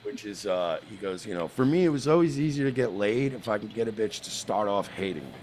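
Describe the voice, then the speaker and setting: A man's voice: on the low side, animated, fairly quick, a little mellow, a little hiss or hum. A man from the United States telling crude, boastful stories in casual chat, with frequent restarts.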